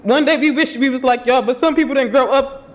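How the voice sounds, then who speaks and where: A young man in his twenties speaks at a podium microphone in a city commission chamber, his voice pitched very high. He is crying and talks in a halting, nervous way, pleading with the officials. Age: 20s. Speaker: public commenter. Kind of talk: public comment at a city meeting.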